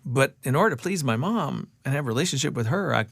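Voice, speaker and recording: A man's voice: medium pitch, animated, fast, creaky, a bit bright, no room sound, studio quality. A male podcast host in an interview conversation, reflective and empathetic, summing up what his guest has said.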